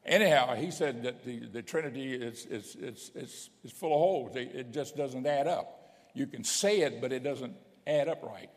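A man's voice: medium pitch, normal speed. A man preaching a sermon as a bishop, emphatic, with stumbling restarts and frequent checks that the congregation is following. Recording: long hall reverb.

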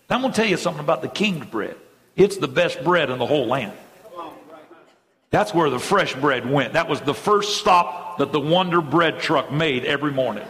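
A middle-aged male pastor preaching a sermon with fervent energy, speeding up and slowing down as he drives points home. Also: fairly high pitch, animated, fairly bright tone. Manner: fervent preaching with sudden swings in pace. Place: church sanctuary. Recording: church hall reverb.

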